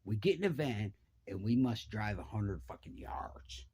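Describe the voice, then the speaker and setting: A middle-aged man, telling a profane, animated story and jumping his voice around to act out the people in it. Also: measured pace, a little hiss or hum. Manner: animated, profane, acts out voices with big pitch jumps. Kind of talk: casual storytelling.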